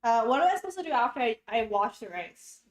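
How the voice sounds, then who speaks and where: Very animated and fast, her slightly high voice bubbles through a casual cooking vlog shot in her home kitchen. The young YouTuber is chatty and a bit flustered, giggling as she narrates each step, and the room adds echo and faint noise.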